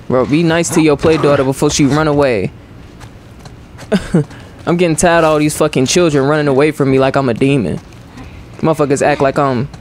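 A young man with a fairly high voice commentating a let's play, keeping up profane, joking banter with his viewers. Faint noise sits behind him. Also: darkish tone. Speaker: gaming streamer.

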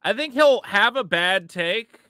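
A man's voice: high voice, expressive, unhurried, sharp tone, a little hiss or hum. A man hosting a casual podcast chat, sarcastic and joking, putting on mock voices when quoting people. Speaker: podcast host.

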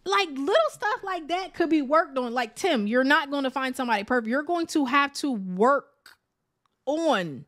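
Woman, high voice, chatty reviewer, exasperated, emphatic repetition, lots of "like". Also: animated, moderate pace, fairly bright tone. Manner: emphatic, repeats words for effect. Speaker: TV show reviewer. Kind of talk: casual reality TV review.

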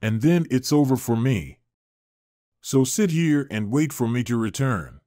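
A man reading the part of a scheming husband who flatters and grovels in a storybook reading. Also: mid-range voice, a little slow, dry recording, studio quality, natural voice. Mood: stern. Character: scheming middle-aged husband, smooth and fawning.

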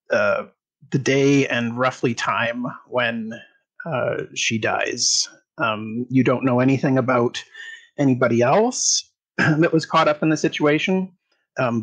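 A man narrating as game master of a tabletop game. He describes scenes slowly, with frequent pauses. His pitch sits in the middle range. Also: rough recording.

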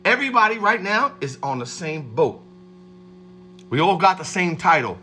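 Man, motivational livestream host, streetwise and hyped, high voice, bright tone. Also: very animated, moderate pace. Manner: hyped, streetwise, shouts out viewers by name. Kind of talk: motivational livestream pep talk.

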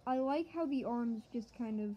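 Excitable higher-voiced woman gaming. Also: moderate pace, dull audio. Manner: excitable, joking, talks to viewers, yelps at the game. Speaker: gaming channel host. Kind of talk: let's-play commentary.

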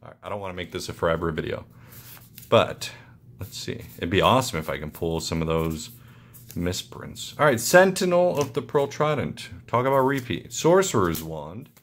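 A young man excitedly opening trading card packs for his channel, muttering card names with sudden yelps of delight. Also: normal speed. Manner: excitable, muttering asides, jumpy pitch. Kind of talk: casual pack-opening commentary.

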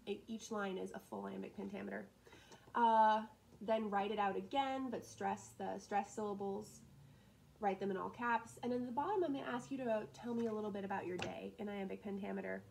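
A woman teacher talking through class assignments in a casual, upbeat way, with frequent laughs and quick asides. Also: mid-range voice, steady tone, gravelly, darkish tone, a little hiss or hum, rough recording. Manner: chatty and upbeat, laughs often, drops into asides. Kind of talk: casual recorded lesson walkthrough.

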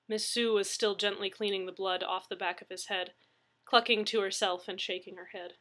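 Bright-voiced woman reading a story. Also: mid-range voice, fairly even intonation, normal speed. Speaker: audiobook narrator.

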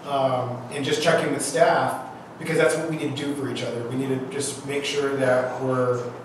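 A man giving an informal speech at an awards event, relaxed, with many ums and restarts. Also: mid-range voice, noisy background. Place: large room at an event. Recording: echoey hall from far off.

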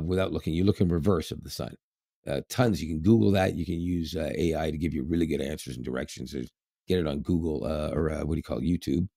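A man's voice: deep voice, gravelly, mellow, dry recording, clean studio sound. A man co-hosting a podcast in casual chat, rambling with lots of fillers and laughs. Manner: rambling, laughs often, many fillers and restarts. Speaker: podcast co-host.

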